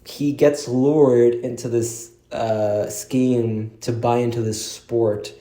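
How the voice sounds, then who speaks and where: A man's voice: medium pitch, steady tone, slow pace, mellow. A young man co-hosting a podcast at home, teasing his friend in dry, laughing casual chat. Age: young adult. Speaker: podcast co-host. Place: his house. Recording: echoey room.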